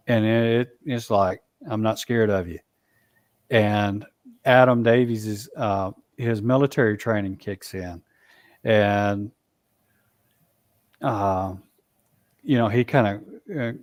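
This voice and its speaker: A man telling a long story in a casual, halting way, full of fillers and restarts. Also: on the low side, a little mellow, dry recording, studio quality. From Alabama, US. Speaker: Bigfoot researcher guest.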